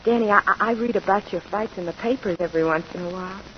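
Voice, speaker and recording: A woman's voice: medium pitch, quick pace, natural voice. An actress playing a young female dancer, tender and torn, with breathless emotional pleading in 1940s radio acting. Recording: dull 1940s radio recording with clear hiss.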